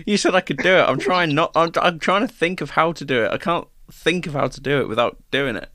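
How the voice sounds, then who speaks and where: A man's voice: a little high, fairly quick, no echo, clean studio sound. A man co-hosting a podcast, chatting casually and playfully with frequent swearing. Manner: swears a lot, lively, jokey. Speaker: podcast co-host. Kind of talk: casual chat.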